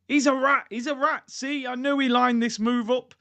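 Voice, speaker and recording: Casting: outraged male fan, ranting, high and strained, as a man puts him on. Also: fairly even intonation, normal speed, sharp tone, exaggerated voice. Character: furious male football fans, ranting. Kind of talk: mocking impression on a live stream.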